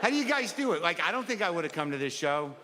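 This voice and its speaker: A man's voice: fairly high pitch, very animated, fast. Rambling exasperated male stand-up comedian. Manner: rambling, self-deprecating, exasperated. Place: comedy stage before a live audience. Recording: live hall recording with reverb and crowd noise.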